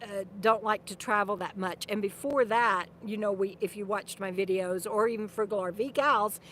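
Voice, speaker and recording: A woman's voice: medium pitch, fairly even intonation, moderate pace, a bit bright, a little hiss or hum. An older woman vlogger chatting casually on a live stream, rambling and restarting her sentences, laughing often and turning aside to talk to her dog. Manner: speaks to her dog between remarks. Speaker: vlogger and author.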